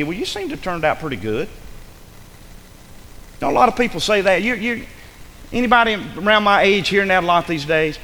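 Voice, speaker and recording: A man preaching a sermon, lively and forceful, acting out the voices of the people he addresses. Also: high voice, fairly quick, pauses often, long reverb tail, a little hiss or hum, rough recording. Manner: animated preaching, acts out imagined voices. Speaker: pastor.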